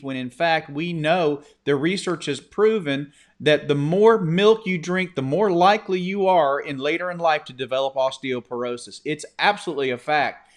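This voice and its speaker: A man hosting a casual live-stream chat, speaking emphatically with firm opinions. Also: on the high side. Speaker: host.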